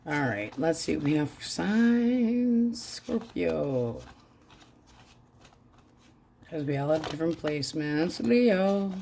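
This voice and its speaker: A woman's voice: deep voice, animated, slow, gravelly, pauses often, warm tone, slight background noise. A woman giving a casual tarot reading, talking bluntly and crudely in a frank, offhand way. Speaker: tarot reader.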